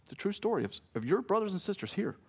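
High-voiced, very animated and fast, this man sounds a little mellow and slightly rough. He's a pastor in his thirties giving a conversational sermon, telling family anecdotes and joking with the congregation, correcting himself on the jokes.

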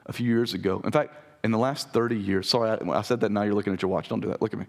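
A man preaching a sermon as pastor, with a raspy voice, earnest and direct with his congregation. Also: on the low side, fast, hardly any pauses, darkish tone. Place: church sanctuary.

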